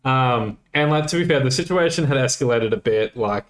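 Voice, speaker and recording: A man's voice: medium pitch, lively intonation, brisk. A man co-hosting a podcast, telling a nightlife story casually with swearing and quoted dialogue. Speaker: podcast co-host. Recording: roomy echo.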